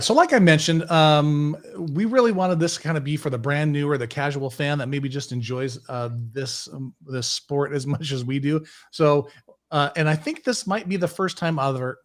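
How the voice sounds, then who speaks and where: Rambling podcast host, fairly high voice. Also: male voice, animated, normal speed. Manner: rambling, self-correcting. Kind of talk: casual podcast chat.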